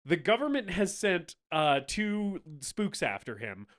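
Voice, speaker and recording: A man co-hosting a casual movie review podcast, animated and swearing, laughing often and acting out scenes. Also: sits high, measured pace. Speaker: podcast co-host.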